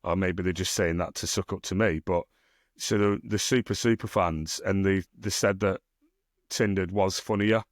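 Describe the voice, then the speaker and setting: A northern English man talks in a loose, rambling podcast chat, throwing in casual swearing and playful teasing. His voice sits low. The sound is dry and close, with no room around it. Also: steady tone, moderate pace, no room sound. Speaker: podcast co-host and self-published author.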